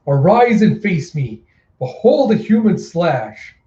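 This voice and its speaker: Man reading as a gleeful clown murderer, theatrical and mocking, pitched up and loud; echoey room, dull lo-fi sound. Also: big pitch swings, slow, exaggerated voice. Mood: taunting. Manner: giddy, taunting, raised voice. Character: manic male clown killer, mocking and theatrical.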